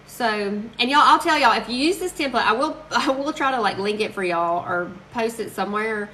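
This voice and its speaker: A woman's voice: a little high, bright, forceful tone, slight background noise, low-quality recording. A woman chatting casually and gushing to viewers while crafting on a live stream. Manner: chatty, gushing, quick to laugh.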